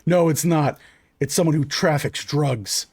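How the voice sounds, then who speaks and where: A man voicing a pushy, suspicious male fort guard who talks in a gruff, bullying way. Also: fairly high pitch, measured pace, darkish tone.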